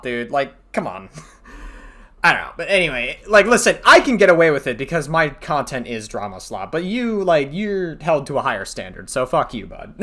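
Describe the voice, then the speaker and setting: A man's voice: medium pitch, bright, forceful tone. A man doing casual commentary on online drama, rambling and profane, laughing at his own jokes.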